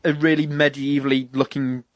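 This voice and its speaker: A man in a loose gaming chat, animated and quick to swear, acting out bits of dialogue as he tells stories. His voice sits at an ordinary pitch and the sound is close and dry, with no room around it. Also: no echo. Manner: animated, swears freely, acts out quotes.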